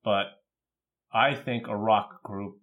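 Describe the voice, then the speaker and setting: A man co-hosting a podcast, chatting casually about music in a relaxed way, with lots of filler words. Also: on the low side, slow pace, phone-quality sound. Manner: relaxed, thoughtful music commentary with many fillers. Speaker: podcast co-host. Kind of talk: casual chat.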